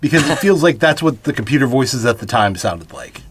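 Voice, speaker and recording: Wry, lively-voiced man joking about a movie. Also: medium pitch, brisk, breathy edge. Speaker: podcast co-host. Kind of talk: casual chat reviewing a film.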